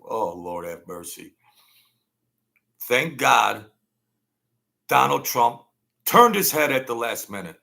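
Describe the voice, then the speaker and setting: Gravelly-voiced man ranting blunt and slangy. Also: mid-range voice, animated, slow pace, pauses often, bright, forceful tone. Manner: blunt, slangy, rambling, stutters. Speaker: livestream host. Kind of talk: casual livestream rant.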